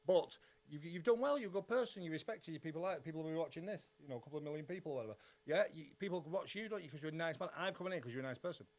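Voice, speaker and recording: Man, podcast guest, rattles off rambling talk at a frantic clip, voice a bit high. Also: expressive, a little mellow. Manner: rapid, rambling and swearing. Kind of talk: casual chat.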